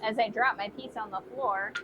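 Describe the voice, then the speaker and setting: A woman blacksmith with a slightly high voice speaks at normal speed in a steady tone. She chats casually on a live stream while forging in her workshop, musing aloud and answering viewer comments, and the stream audio is dull and lo-fi with faint noise.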